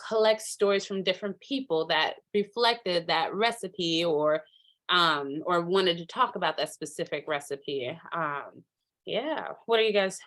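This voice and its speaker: A woman's voice: medium pitch, a bit bright. A woman presenting a workshop over a video call, chatty and enthusiastic, with many fillers and asides. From Minnesota. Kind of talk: casual virtual workshop talk.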